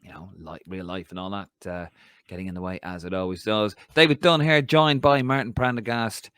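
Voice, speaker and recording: A man's voice: lowish voice, steady tone, fairly quick, fairly bright tone, smooth, no echo. A man hosting a casual football podcast, upbeat and chatty, plugging the show's channels. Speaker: podcast host.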